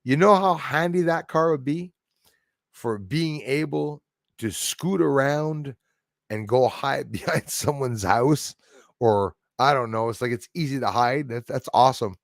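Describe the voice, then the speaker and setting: A man with a French Canadian accent hosting a casual livestream, rambling through viewer comments with frequent chuckles and sudden loud bursts. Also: mid-range voice, unhurried, no echo, studio quality. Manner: rambling, chuckling, jumps loudly between topics. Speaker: livestream host.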